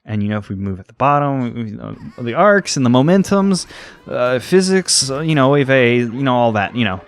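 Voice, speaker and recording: A young man from the United States, a let's play host, comments casually over a video game in a very animated, mid-range voice at a fairly quick pace. He rambles, goes off on tangents and side stories, and leans heavily on fillers.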